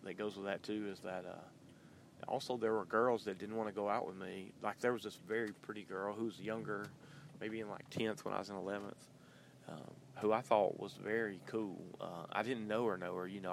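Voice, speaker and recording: Man, podcast host, low voice with vocal fry, chatty and rambling, talking from his car. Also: fairly even intonation, brisk, slight background noise. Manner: loose and chatty, many ums and uhs. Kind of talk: casual rambling monologue. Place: in a car while driving.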